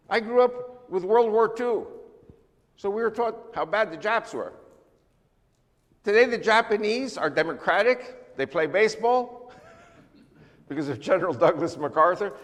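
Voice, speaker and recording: An older man from the United States giving an emphatic, animated church talk as a guest speaker. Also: high-pitched, long reverb tail. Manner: emphatic, animated lecturing with sweeping lists. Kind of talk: church talk on world politics.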